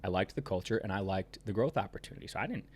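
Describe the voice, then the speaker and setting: A man talks quickly in a casual podcast conversation, packing his sentences with fillers. His voice sits on the low side, and he is emphatic and rambling as he presses his points. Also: animated, breathy edge. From Ohio, United States. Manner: rambling, heavy on "you know" fillers, emphatic. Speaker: podcast guest, business owner.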